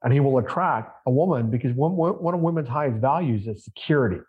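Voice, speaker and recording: A man's voice: mid-range voice, lively intonation, fast. A man speaking as a podcast guest and mindset coach, emphatic and repetitive, asking rhetorical questions. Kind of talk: conversational podcast interview. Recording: dull lo-fi sound.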